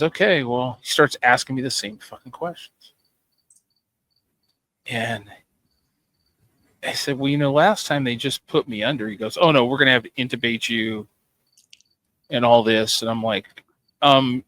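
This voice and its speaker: Bright-voiced man telling a story. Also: medium pitch, a little slow, long pauses, no echo, poor audio. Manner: profane, animated retelling with quoted dialogue. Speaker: podcast co-host. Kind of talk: casual chat, storytelling.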